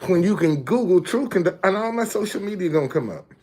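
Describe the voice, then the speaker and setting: A man's voice: sits high, expressive, fast talker, a little mellow. A man talking casually to his viewers, explaining things step by step with emphasis and often checking that they follow. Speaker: street messenger and video host.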